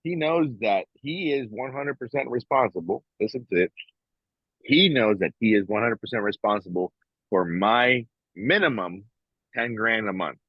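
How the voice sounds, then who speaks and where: Husky rambling middle-aged man. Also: lowish voice, lively intonation, normal speed, no room sound, muffled recording. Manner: rambling, many restarts, proud. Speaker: podcast co-host. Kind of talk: casual motivational chat.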